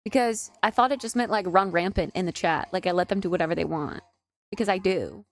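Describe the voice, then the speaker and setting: A woman's voice: on the low side, fairly quick. A woman in her twenties, a streamer in casual live-stream chat, giggly and chatty with lots of "like". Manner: giggly, chatty, filler-heavy with "like".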